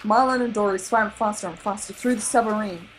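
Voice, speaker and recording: A woman with an Australian accent reading a children's novel aloud, animated and laughing off her own slips. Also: medium pitch, brisk, faint music behind, rough recording. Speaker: reader. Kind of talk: storybook read-aloud.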